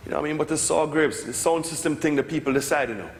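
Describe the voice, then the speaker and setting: A middle-aged Jamaican man, a record producer giving a casual lecture, who tells lively stories, swears freely and slips into patois impressions. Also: on the high side, fast talker. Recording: echoey hall with long reverb.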